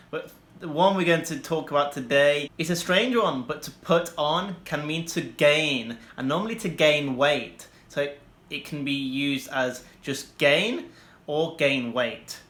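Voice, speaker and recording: A young man explains vocabulary to learners in a bright, slightly high voice. He slows right down for his example sentences and hurries through the asides. The room around him rings with echo. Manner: slow, deliberate example sentences with bursts of quick asides. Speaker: English teacher.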